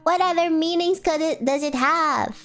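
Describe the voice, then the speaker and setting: High-voiced giggly woman streamer. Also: normal speed, fairly bright tone. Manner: playful, giggly, asks lots of questions. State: sore throat. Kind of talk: casual chat with chat. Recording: faint music behind.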